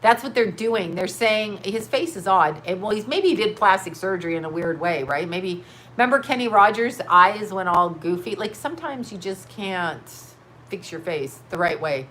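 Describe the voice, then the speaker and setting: A woman hosts a loose, rambling commentary, swearing freely and breaking into laughter again and again. Her voice sits at an ordinary middle pitch. A faint background noise runs under her talk. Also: animated, moderate pace, fairly bright tone. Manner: profane, laughs often, frank and rambling. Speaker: host.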